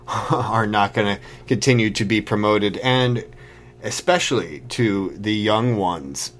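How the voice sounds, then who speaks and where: A man with a fairly low voice talks through a solo commentary podcast. He reads news items aloud and breaks off to question them sarcastically, in a plain, conversational manner. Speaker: podcast host.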